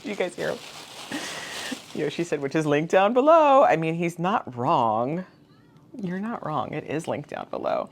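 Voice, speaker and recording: Bubbly low-voiced woman gushing over finds. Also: sing-song, unhurried, slight background noise. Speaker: vintage reseller vlogger. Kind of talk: casual thrift haul show-and-tell.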